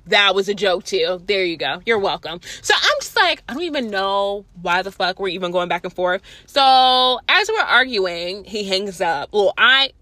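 Animated, swearing young woman telling a story. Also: medium pitch, no room sound. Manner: animated, profane, sarcastic. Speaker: vlogger. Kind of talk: storytime rant.

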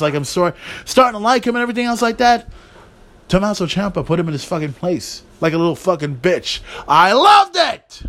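A man hosting a solo podcast in an excited recap style, swearing freely and shouting on big moments. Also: sits high. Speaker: podcast host.

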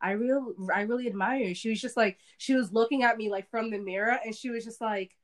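Animated young woman telling family stories. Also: fairly high pitch, brisk. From Haitian family in Boston area. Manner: animated storyteller, acts out relatives' lines. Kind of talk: casual family storytelling.

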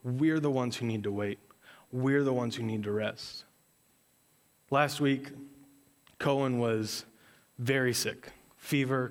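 A man in his thirties, a pastor preaching a sermon in a conversational, earnest storytelling way. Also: mid-range voice.

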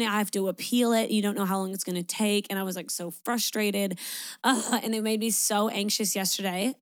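A woman's voice: medium pitch, dry recording. A young woman hosting her own podcast in casual, chatty talk, swearing freely and filling with "like" and "um". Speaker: podcast host. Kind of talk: casual solo podcast chat.

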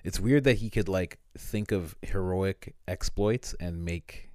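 Young male co-host, very deep voice, slangy joking riffs, dry close sound. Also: takes it slowly, dark tone, no echo. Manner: jokey riffing, slangy, swears. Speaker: podcast co-host. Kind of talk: casual comedic chat.

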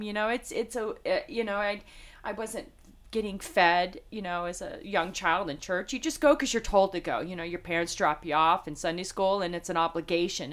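A middle-aged woman from Las Vegas, a guest telling a personal faith story in a heartfelt, halting way with many fillers. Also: medium pitch. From Las Vegas, United States. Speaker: interview guest. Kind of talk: personal faith testimony in conversation.

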